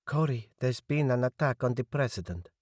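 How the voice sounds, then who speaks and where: A man's voice: medium pitch, expressive, moderate pace, a little mellow, no echo, studio quality, pitched above the performer's own voice, lightly acted. A male audiobook narrator voicing an anxious, tearful young woman with a Polish accent. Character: young Polish woman, emotional, close to the hero.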